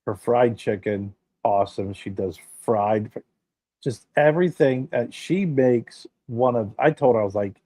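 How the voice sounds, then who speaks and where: A man of middling pitch co-hosts a relaxed podcast chat. He tells stories with emphatic energy and swears now and then. The sound is dry and close to the mic. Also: measured pace, no room sound. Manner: emphatic, animated storytelling with swearing. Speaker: podcast co-host. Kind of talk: casual chat.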